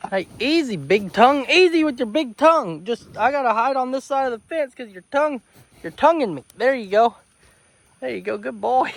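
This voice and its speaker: Slow, cooing man. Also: very high-pitched, fairly bright tone, no room sound. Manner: cooing, affectionate talk to farm animals. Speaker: homesteader vlogger. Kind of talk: casual vlog talk to camera. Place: outdoors on a farm by a cattle fence.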